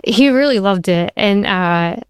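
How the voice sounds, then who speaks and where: A woman TV writer being interviewed, telling stories in an animated way and saying "like" often. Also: medium pitch, unhurried, clear, resonant tone, no echo, studio quality. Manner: animated storyteller, says "like" a lot. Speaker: TV writer and show creator, guest. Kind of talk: conversational interview.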